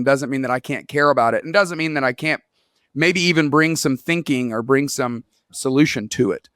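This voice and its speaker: Male author as interview guest; earnest anecdote-driven talker, mid-pitched, close and dry. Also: fairly bright tone, no room sound. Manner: earnest storyteller, acts out quoted dialogue. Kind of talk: conversational interview.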